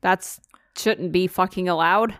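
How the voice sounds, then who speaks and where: A woman's voice: on the low side, fairly even intonation, measured pace, a bit bright, dry recording, clean studio sound. A woman co-hosting a podcast in casual chat, blunt and profane, laughing through her own stories. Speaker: podcast co-host.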